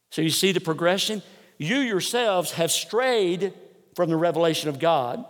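A man preaching an expository sermon live to a congregation, emphatic and slowing down to stress key words. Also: fairly high pitch, in a large hall. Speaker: preacher and teacher.

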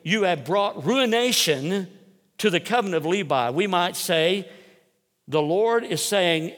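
A male preacher delivers an expository sermon, slightly high-voiced, leaning hard on key words and stretching them out for weight. His voice rings through a large hall with a long reverb tail. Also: expressive, fairly bright tone. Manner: emphatic, slows down to stress key words. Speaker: preacher and teacher.

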